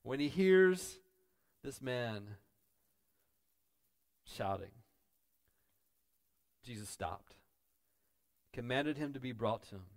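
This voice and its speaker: A man preaching a sermon as pastor, dropping to quiet asides and building to loud, emphatic peaks. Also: medium pitch, lively intonation, takes it slowly, pauses often.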